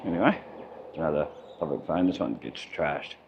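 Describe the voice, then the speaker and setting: Deep-voiced Australian man rambling outdoors. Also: lively intonation, moderate pace, creaky. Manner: rambling, chatty, muttering asides. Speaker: vlogger. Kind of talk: walking vlog narration. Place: outdoors by a town waterfront. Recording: dull lo-fi camera audio with faint outdoor noise.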